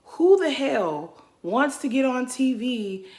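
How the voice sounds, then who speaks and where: A woman's voice: high voice, big pitch swings, takes it slowly, a little mellow. A woman giving casual reaction commentary, blunt and sassy, laughing as she rants. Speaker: reality TV commentator.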